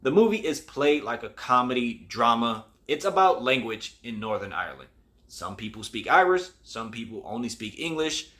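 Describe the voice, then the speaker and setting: A man's voice: medium pitch, expressive, moderate pace, bright, forceful tone. Casual rambling male movie reviewer. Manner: rambling, conversational, many restarts. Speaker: host.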